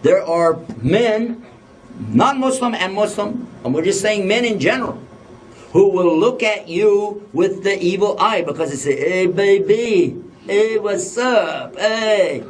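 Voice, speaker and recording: A man's voice: high voice, expressive, a little slow. A man giving an Islamic lecture to a live audience, joking and putting questions to the listeners. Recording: voice a bit distant from the mic.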